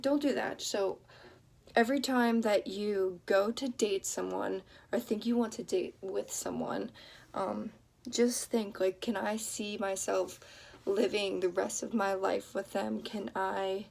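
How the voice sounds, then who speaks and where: A young woman giving earnest relationship advice in a casual vlog, talking in quick bursts with many fillers and restarts. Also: medium pitch, creaky, darkish tone. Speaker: vlogger. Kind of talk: casual advice chat to camera.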